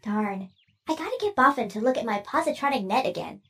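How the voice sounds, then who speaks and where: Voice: medium pitch, expressive, brisk, sharp tone, far from the mic. An actor voicing a naive, chatty male robot who keeps missing sarcasm. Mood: chirpy. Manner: chatty, earnest, misses sarcasm. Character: naive literal-minded male robot named Kika/Geek.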